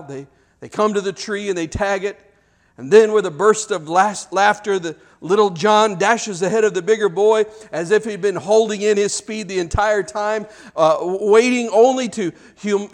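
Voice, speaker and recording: A man preaching a sermon, telling a dramatic story and acting out the shouts of children. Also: high voice.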